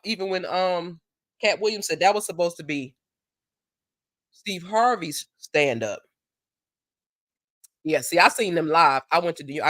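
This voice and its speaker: A woman hosting a casual live stream, chatting and telling stories, acting out what people said in a higher voice. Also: no room sound, studio quality. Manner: animated storyteller who acts out quotes in a higher voice.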